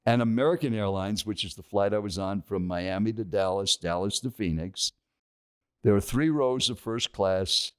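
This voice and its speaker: An older man, a podcast guest, telling an animated story and questioning his listeners. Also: fairly low pitch, normal speed, clean tone.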